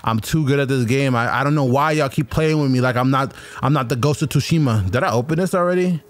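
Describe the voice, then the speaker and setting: A young man commenting on his own gameplay, chatty and excitable, trash-talking enemies as he fights. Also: mid-range voice, fast talker. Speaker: gaming streamer. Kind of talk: let's-play commentary.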